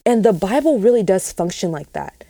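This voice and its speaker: A woman's voice: mid-range voice, very animated, normal speed, vocal fry, warm tone, dry recording. A young woman sharing a Christian testimony in an earnest, rambling way, often restarting her sentences. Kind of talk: casual spoken testimony.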